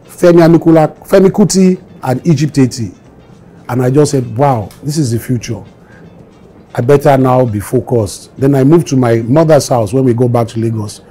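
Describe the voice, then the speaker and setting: A man's voice: mid-range voice, mellow. A Nigerian man in his fifties, telling stories in an interview and acting out the voices of the people he quotes. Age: 22 in 1984, now 50s. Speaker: musician interviewee. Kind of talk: storytelling interview.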